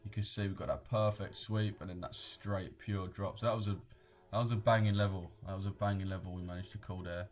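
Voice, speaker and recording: With few pauses and a brisk pace, the British host of a trading livestream speaks in a low voice with fairly even intonation. He's laid-back and slangy, reading out viewer comments as faint music plays behind him.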